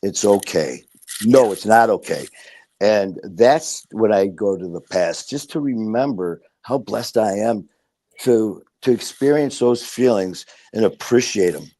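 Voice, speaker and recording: Blunt, low-voiced middle-aged storyteller man. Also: animated, a little slow, warm tone, dry recording. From Detroit, USA. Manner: emphatic storytelling, blunt and profane. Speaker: guest. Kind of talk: candid podcast conversation.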